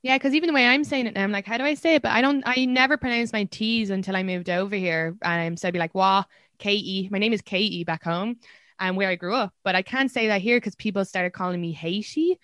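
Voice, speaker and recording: A young woman with an Irish accent, a comedian hosting a casual chat and acting out quotes in a higher voice. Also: quick pace, clear, resonant tone, dry recording, studio quality. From Ireland. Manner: animated, acts out quotes in a high voice. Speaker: comedian and podcast host.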